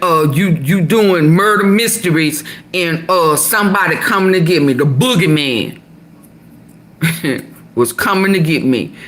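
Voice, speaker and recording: A woman giving casual gossip commentary, animated and laughing often. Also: a little hiss or hum. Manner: animated, laughs often, mimics with shrieking high voice. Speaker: commentary vlogger.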